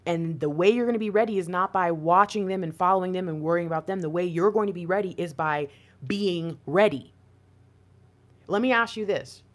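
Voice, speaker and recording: A woman talking to viewers as an intuitive card reader in a spiritual reading monologue, chatty and animated, asking lots of rhetorical questions. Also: on the low side, brisk.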